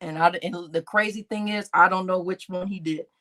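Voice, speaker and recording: A woman's voice: on the low side, fairly even intonation, normal speed, bright, forceful tone. A middle-aged woman chatting on a live stream, reading out chat names, laughing often and swearing freely.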